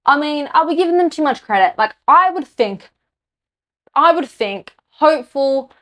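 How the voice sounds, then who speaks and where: An Australian woman, a podcast host, delivering an angry, blunt political rant to camera. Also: on the high side. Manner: heated, exasperated, speaks her mind bluntly.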